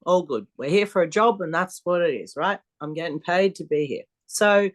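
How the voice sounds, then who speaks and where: A woman's voice: on the low side, normal speed. A woman, a strongwoman athlete telling blunt, swear-filled stories in a casual interview. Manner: blunt, swears freely, animated storyteller. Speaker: podcast guest, strongwoman athlete.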